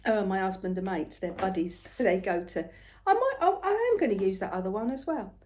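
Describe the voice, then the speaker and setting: An older woman, telling a rambling everyday story in a casual, chatty way, often soft and murmured. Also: mid-range voice, animated, fairly quick. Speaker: craft vlogger.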